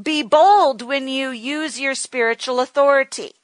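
A woman's voice: sits high, measured pace, no echo, poor audio. A middle-aged woman teaching a sermon in a firm, repetitive way, leading her listeners to say declarations back to her. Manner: firm, repetitive, leads call-and-response declarations. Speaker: Bible teacher.

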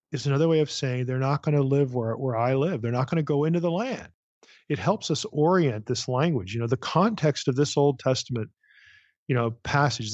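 A man's voice: medium pitch, a little mellow, dry recording, highs cut off. A man hosting a podcast, teaching through a Bible passage in a conversational way with frequent fillers and scripture read aloud. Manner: conversational, many "you know" fillers, reads scripture aloud.

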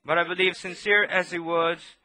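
A man preaching a sermon, impassioned and swinging between loud outbursts and hushed asides. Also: sits high, little pitch movement, moderate pace.

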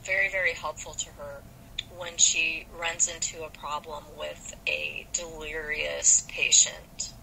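A woman's voice: low-pitched, creaky, pushed and bright. Woman host over a noisy line. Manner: hesitant, with many fillers and restarts. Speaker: podcast host. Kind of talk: casual literary discussion.

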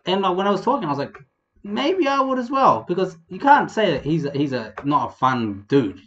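A young man from New Zealand with a New Zealand accent, hosting a casual comedic vlog in a rambling, profane, animated way. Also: a little high, quick pace, dull audio. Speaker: vlog host.

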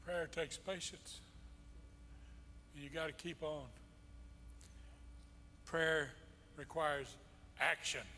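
A man's voice: on the high side, steady tone, slow pace, long pauses, pushed and bright, slight background noise. A male pastor preaching a sermon, impassioned and emphatic, repeating his key phrases. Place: church sanctuary. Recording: long church-hall reverb.

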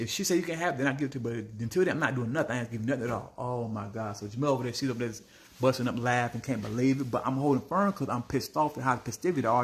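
A man telling a story to his viewers in a blunt, animated way, calling them family. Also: medium pitch. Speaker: small business owner vlogging.

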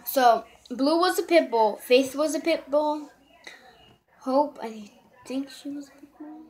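On a low-quality recording, a young vlogger talks slowly in a high, slightly mellow voice, rambling to her handheld phone in her bedroom and filling gaps with "so" and "yeah."

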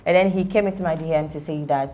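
Young woman co-host, lower voice, laughs a lot, faint music behind. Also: quick pace. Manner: laughing, animated, repeats words. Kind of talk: casual entertainment chat.

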